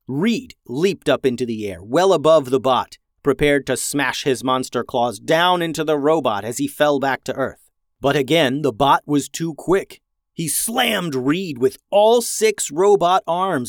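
A man reading a children's adventure story in a gentle, even storytelling manner as a podcast host. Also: on the high side, dry recording, clean studio sound. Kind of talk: scripted story narration.

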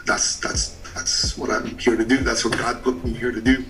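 A man on a podcast telling a personal story in short, punchy phrases, animated at times and hushed in the emotional parts. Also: medium pitch, normal speed, far from the mic, soft background music, low-quality recording. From Canada. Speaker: business coach and podcast guest.

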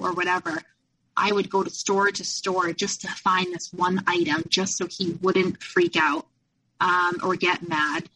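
A woman telling her own story as a podcast guest, candid and lively when she quotes others. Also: medium pitch, poor audio. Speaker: podcast guest, abuse survivor. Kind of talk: personal storytelling in an interview.

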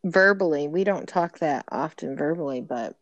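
A woman's voice: low voice, animated, moderate pace, fairly bright tone, dry recording. A woman co-hosting a casual podcast chat, giving short, dry replies. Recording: dull, dry sound.

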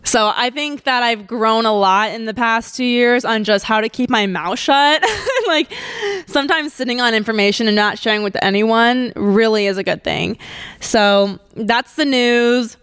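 Bubbly young woman, smooth voice. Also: fairly high pitch, normal speed, fairly bright tone, no room sound, studio quality. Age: 20s. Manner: bubbly, gushing, laughs often. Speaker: podcast host. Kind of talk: casual solo podcast chat.

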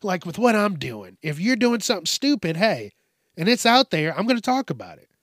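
A man's voice: high voice, very animated, fairly quick, a bit bright, no room sound, clean studio sound. A man hosting a casual, profane news commentary show, rambling and laid-back as he reacts to stories. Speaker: host.

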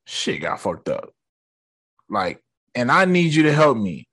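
A man's voice: medium pitch, very animated, a little slow, fairly bright tone, breathy edge, heavily acted. A man voicing a young male hero who pleads in slangy, urgent words. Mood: pleading.

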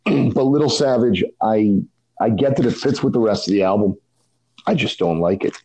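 A man's voice: on the low side, a little mellow, slightly rough, rough recording. A man co-hosting a casual music podcast, talking thoughtfully with many restarts. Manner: thoughtful, halting, with frequent restarts. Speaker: podcast co-host.

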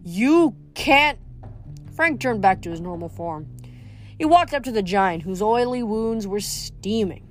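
A woman's voice: mid-range voice, animated, moderate pace, faint music behind. A woman reading a novel aloud, with occasional slips that she corrects as she goes. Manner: reads with small slips and self-corrections. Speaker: audiobook reader.

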